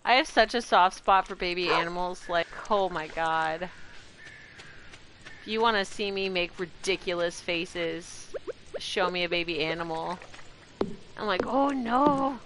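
A woman's voice: fairly low pitch, fairly even intonation, a little slow, noisy background. A woman streamer chatting casually while playing a farming game, gushing over baby animals and talking to her chat and pets. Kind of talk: casual gameplay commentary.

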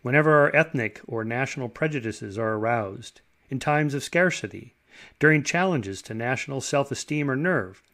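Measured older male lecturer. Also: mid-range voice, expressive, fairly bright tone. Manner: measured, explanatory, lists figures.

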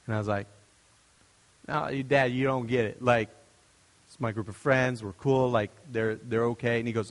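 A man's voice: medium pitch, fairly even intonation, normal speed, pauses often, long reverb tail. A young adult male pastor giving a conversational, story-driven sermon. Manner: storytelling, conversational, with restarts and asides.

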